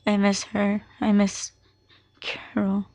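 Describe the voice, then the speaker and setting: A woman's voice: mid-range voice, monotone, takes it slowly, a little mellow. A young woman hosting a podcast, telling a personal family story in a candid, emotional way and swearing freely. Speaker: podcast host.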